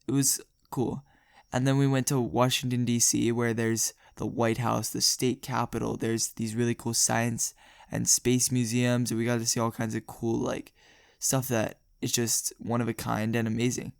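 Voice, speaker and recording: Young male vlogger, gravelly voice, dry close sound, rambling storytime delivery. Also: medium pitch, flat delivery, normal speed, dry recording. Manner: rambling, jokey, laughs often. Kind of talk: casual storytelling.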